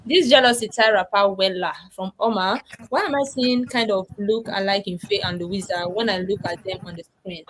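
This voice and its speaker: A woman hosts a casual live-streamed talk with an animated, chatty delivery. She reads viewer comments aloud and puts questions to her guests. Faint noise sits behind her voice. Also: medium pitch, moderate pace, few pauses, rough recording. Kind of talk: casual panel chat.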